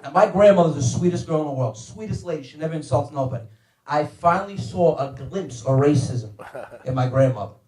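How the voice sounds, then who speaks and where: A man telling profane, animated stand-up stories about his family and acting out their voices. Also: fairly high pitch, brisk. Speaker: comedian guest telling stories. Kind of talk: stand-up storytelling. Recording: roomy, far from the mic.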